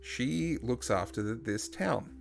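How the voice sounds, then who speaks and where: A man playing a gravelly, remorseful father. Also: medium pitch, expressive, slow, soft background music. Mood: gentle. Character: remorseful middle-aged father, gentle and quiet.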